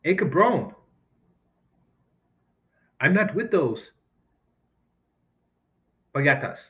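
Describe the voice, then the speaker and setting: A man's voice: fairly high pitch, big pitch swings, very slow, narrow, tinny audio, full character voice. A man putting on a Mexican accent to voice a tough, dismissive street-talking man. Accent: put-on Mexican. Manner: slangy, brushing off.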